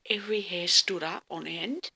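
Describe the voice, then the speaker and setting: A woman's voice: lowish voice, normal speed, gravelly, sharp tone, breathy edge. A woman telling a dream story in a dramatic, casual way, often dropping to a whisper and swearing freely.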